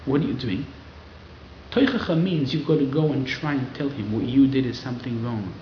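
A man giving a lively Torah class to a live audience, acting out quoted people in raised voices. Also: mid-range voice, normal speed, a little hiss or hum. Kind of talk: lively sermon-style Torah lecture. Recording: roomy, slightly dull hall recording.

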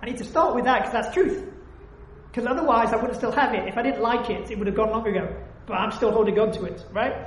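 A woman's voice: on the high side, fast, slight background noise. A woman leading a religious study discussion, talking emphatically and acting out heartfelt prayers. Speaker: religious teacher. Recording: echoey room.

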